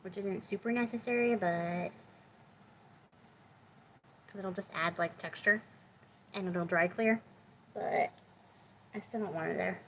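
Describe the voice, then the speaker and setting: A woman's voice: fairly low pitch, measured pace, long pauses, a bit bright, slight background noise, low-quality recording. A woman hosting a crafting video, chatting casually and with self-deprecating humor as she works in her home craft room. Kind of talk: casual crafting chat while working.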